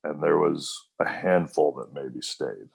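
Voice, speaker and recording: A man's voice: extremely low pitch, slow, gravelly. A man in his thirties, a wrestler guest, telling rambling stories in a casual interview, full of fillers and quoted voices.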